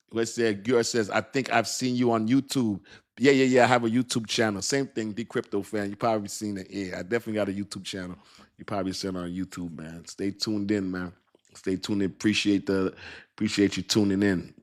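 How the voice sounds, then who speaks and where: A middle-aged American man hosting a casual crypto livestream, chatting with viewers in relaxed slang and laughing often. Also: fairly low pitch, fairly quick. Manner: laid-back slangy talk, frequent laughs.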